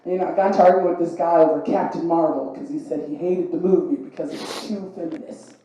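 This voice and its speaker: A young woman with a lisp from braces doing a stand-up comedy set, animated and putting on voices for the people in her stories. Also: on the low side, fast, a little hiss or hum. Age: young adult. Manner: animated, voices others in quotes. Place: comedy venue with laughing audience. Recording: very echoey live room.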